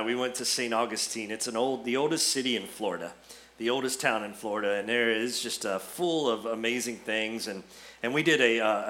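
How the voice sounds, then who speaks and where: A man's voice: mid-range voice, pushed and bright. A man giving an Easter sermon as pastor, conversational and storytelling with touches of humor.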